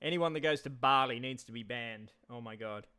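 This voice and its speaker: A man's voice: mid-range voice, normal speed, pushed and bright, clear, resonant tone. A man rambling casually on a live stream, repeating himself and talking straight to his chat.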